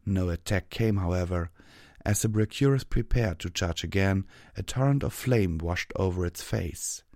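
Male narrator, low voice, dry close sound, steady audiobook read. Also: moderate pace, no room sound. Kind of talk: scripted narration.

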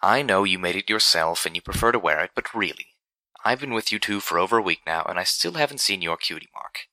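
A man's voice: low-pitched, animated, brisk, bright, forceful tone, no room sound, exaggerated voice. A man playing a prim, arch mare pony. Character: refined female unicorn pony, prim and dramatic.

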